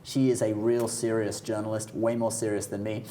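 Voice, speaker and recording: A man's voice: on the low side, little pitch movement, moderate pace, warm tone, slight background noise. A man with a British accent co-hosting a casual discussion show, easygoing and often chuckling as he talks. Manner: easygoing, chuckles through remarks. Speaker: show co-host.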